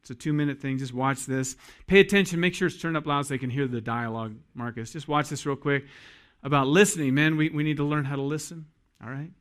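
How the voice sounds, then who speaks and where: A pastor preaching to husbands, folksy and joking. His voice sits a little high for a man. He speaks straight to the men in the room. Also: steady tone, quick pace, a bit bright. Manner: folksy, jokey, addresses men directly. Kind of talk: sermon.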